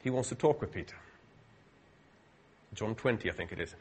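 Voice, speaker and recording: A man's voice: on the low side, expressive, normal speed, darkish tone, slightly rough. A middle-aged man preaching a sermon in a conversational way, full of asides and rhetorical questions.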